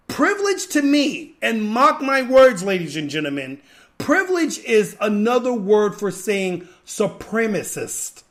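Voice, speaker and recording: A man's voice: extremely high pitch, fairly bright tone. A man hosting a podcast, giving an emphatic, repetitive, preachy rant to his viewers. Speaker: podcast host. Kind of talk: ranting commentary.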